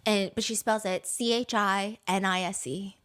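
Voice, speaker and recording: A woman telling a story in casual chat, reading messages aloud, animated and laughing, swearing freely. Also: medium pitch, moderate pace, clear, resonant tone.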